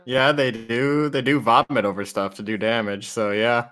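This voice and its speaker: A man's voice: mid-range voice, steady tone, normal speed, a bit bright. A man co-commentating a speedrun stream casually, laughing often and easygoing.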